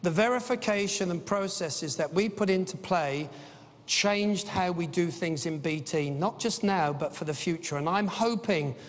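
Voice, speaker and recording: The speaker is a middle-aged man at a business conference whose high voice rings with the lengthy reverb of a vast hall. Enthusiastic and anecdotal, he tells stories between points and keeps filling pauses with "uh."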